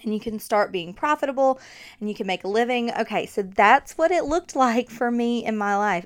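A woman's voice: medium pitch, normal speed, clear, resonant tone. A woman hosting her own podcast, chatting casually and speaking straight to her listeners. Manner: chatty, addresses listeners directly. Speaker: podcast host.

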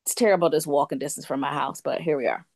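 A woman telling a long story in an animated, casual way, and she acts out other people's lines in playful voices. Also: sits low, fast, creaky, no echo, studio quality. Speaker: guest storyteller. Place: lives in France.

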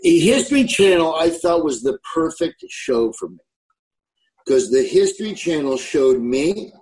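A man's voice: medium pitch, sing-song, measured pace, vocal fry, warm tone, low-quality recording. Southern guy in his 60s, laid back, rambles through stories, just chatting. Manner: easygoing, rambling storyteller. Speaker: comedian guest. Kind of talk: casual interview chat.

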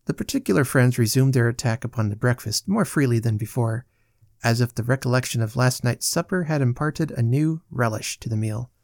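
A podcast host reading a classic novel aloud in a measured, clear storytelling manner. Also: male voice, mid-range voice, expressive, a little mellow, no echo, studio quality.

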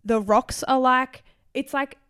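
A woman's voice: high voice, fairly even intonation, slow pace, a bit bright, smooth. A woman, telling travel stories as a podcast host in a casual chat full of fillers. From Australia. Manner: chatty, storytelling with many fillers.

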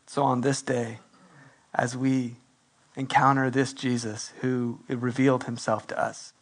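A male pastor preaching a sermon and leading a prayer, lively and acting out the voices he quotes. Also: mid-range voice, unhurried. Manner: animated, acts out quoted voices.

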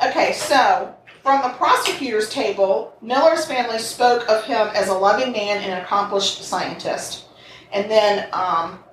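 A woman co-hosts a casual crime podcast and tells the story in a blunt, swearing way, acting out the quotes she reads. She sounds set back from the microphone in an echoey room with faint noise behind her. Her pitch sits in the middle. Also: measured pace, distant mic. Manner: blunt, swears, animated quoting. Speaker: podcast co-host. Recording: roomy echo, a bit off mic, faint noise.

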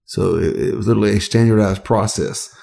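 A man from the American South with a gravelly, low-set voice chats as a whiskey tasting co-host. He is easygoing and joking, often stumbling into restarts before landing his point. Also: fairly quick, warm tone. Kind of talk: casual tasting chat.

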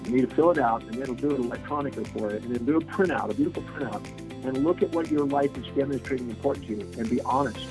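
A man's voice: medium pitch, fast talker, over music, low-quality recording. A man telling a story as a guest on a radio interview show, acting out the voices of the people in it. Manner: animated anecdote teller, acts out quoted voices. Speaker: guest speaker.

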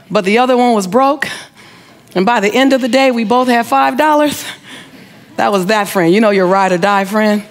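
A middle-aged woman giving an inspirational speech, telling a personal story with emphatic repetition and speaking straight to her audience. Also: fairly high pitch. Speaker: motivational speaker.

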